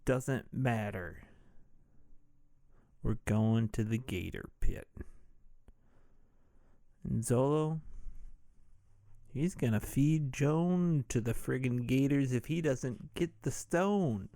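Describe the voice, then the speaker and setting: Unhurried, jokey male podcast host. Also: medium pitch, animated, warm tone, dry recording, clean studio sound. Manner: irreverent, jokey, swears freely. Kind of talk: casual movie recap.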